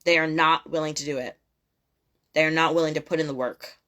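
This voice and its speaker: A woman's voice: low voice, fairly even intonation, a little fast, a bit bright. A young woman giving a casual tarot reading, blunt and profane, repeating her points emphatically. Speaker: tarot reader.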